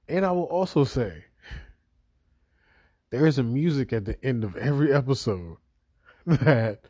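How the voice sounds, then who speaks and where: Profane, animated man reviewing a series. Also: fairly low pitch, no room sound, studio quality. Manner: profane, animated storytelling with acted inner voices. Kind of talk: casual spoken review.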